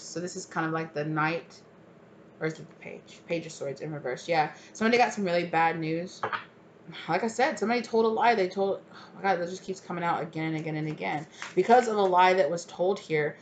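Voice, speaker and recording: A woman's voice: on the low side, slight background noise. A woman giving a casual tarot reading, naming cards and thinking aloud with many fillers. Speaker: tarot reader.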